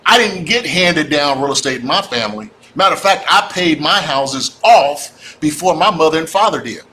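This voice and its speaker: A man's voice: fairly high pitch, moderate pace, slight background noise. A man giving a fired-up, preachy livestream talk about real estate, calling out to his audience. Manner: animated, preachy, addresses audience as y'all. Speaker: real estate investor speaker.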